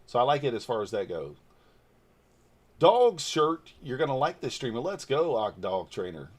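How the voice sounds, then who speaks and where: Speaking at a normal speed with a sing-song, medium-pitched voice, a man in his forties from Northeast Georgia chats casually on his trading livestream. He answers viewers' comments aloud, bluntly and loosely, with a bit of mild cursing.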